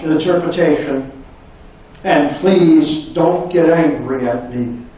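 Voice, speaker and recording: A man's voice: fairly high pitch, a little mellow, far from the mic. A man, a professor, giving a dramatic public lecture full of rhetorical questions, his voice sinking to near-whispers at emotional points. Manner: dramatic, impassioned delivery with many rhetorical questions. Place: university lecture hall. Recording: echoey hall recorded from afar.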